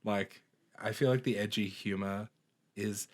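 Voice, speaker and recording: A man's voice: on the low side, steady tone, unhurried. A young man co-hosting a podcast in casual chat, full of "um" and sometimes singing snatches of songs. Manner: chatty, lots of "um", breaks into bits of song. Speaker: podcast co-host.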